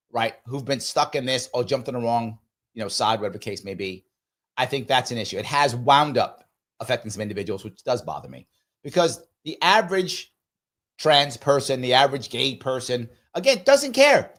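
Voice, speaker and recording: A man hosting a live talk show, giving opinion commentary in an emphatic, preachy way with big jumps in pitch. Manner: animated, sweeping pitch jumps.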